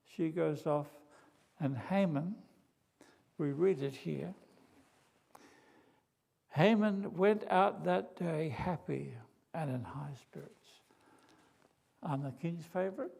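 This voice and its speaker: A man with an Australian accent preaching a sermon, retelling a story with animated swings between loud and hushed. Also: on the high side, slow pace, gravelly, pauses often, breathy edge.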